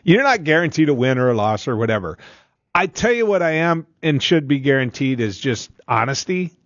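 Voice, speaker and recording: A man's voice: mid-range voice, big pitch swings, fairly quick, fairly bright tone, no echo, highs cut off. A man co-hosting a casual sports talk show, opinionated and emphatic. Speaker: sports radio co-host.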